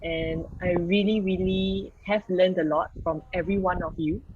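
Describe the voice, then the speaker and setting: A woman's voice: on the low side, fairly even intonation, moderate pace, a little hiss or hum. A woman giving a polite report on a meeting role over a video call. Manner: polite, thankful greetings. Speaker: ah counter. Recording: muffled video call audio.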